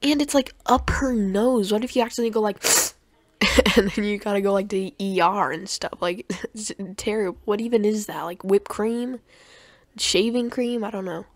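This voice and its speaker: A woman's voice: medium pitch, normal speed, dry recording. A young woman giving sarcastic, mocking commentary on clips, often tripping over her words. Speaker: commentary youtuber.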